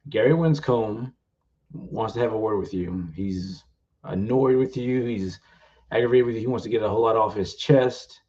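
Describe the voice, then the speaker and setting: A man voicing God as a calm, agreeable male deity who speaks plainly and reassuringly. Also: fairly low pitch, moderate pace, lo-fi sound, lightly acted.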